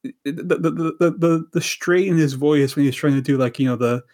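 Casting: male podcast co-host, fairly high voice, rambling, stop-start chat. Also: normal speed, a little mellow. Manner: rambling, many restarts and repeated words. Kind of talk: casual chat.

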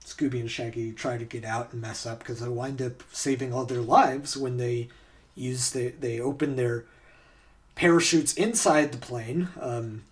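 A man hosts a podcast in a loose, chatty way, laughing often and filling his talk with ums and restarts. His voice sits in a middle pitch and sounds a little distant from the microphone. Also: fairly even intonation, unhurried. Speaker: podcast host. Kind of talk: casual podcast chat.

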